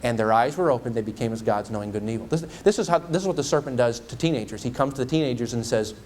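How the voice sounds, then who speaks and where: A man's voice: medium pitch, racing, a little mellow, a little hiss or hum. A male evangelist preaching a sermon in a church. He asks the congregation many rhetorical questions.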